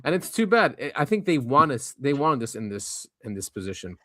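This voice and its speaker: A man co-hosting a podcast in casual chat, his thoughts halting as he breaks off and starts again. His voice sits at a middle pitch and the sound is dry and close, with no room in it. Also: sing-song, a bit bright, dry recording. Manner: halting, trailing off and restarting. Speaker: podcast co-host.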